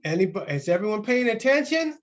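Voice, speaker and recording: A man hosting a casual online Q and A, talking haltingly with many fillers. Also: high voice, big pitch swings, highs cut off. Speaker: host of online Q and A.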